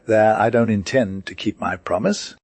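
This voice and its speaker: A man voicing a cool, dismissive young gentleman gambler. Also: fairly low pitch, moderate pace, no room sound, lightly acted.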